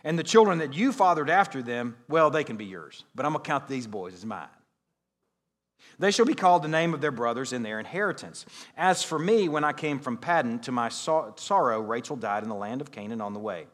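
A man delivering a sermon as a pastor, his voice at a middle pitch. He mixes scripture reading with casual, joking asides, rising loud and dropping soft. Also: expressive, brisk. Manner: casual joking asides, wide swings in loudness.

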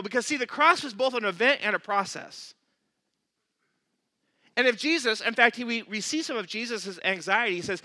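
High, bright-voiced storytelling male pastor. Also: brisk, no echo. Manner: animated storyteller, acts out quotes, laughs at himself. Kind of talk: sermon with storytelling.

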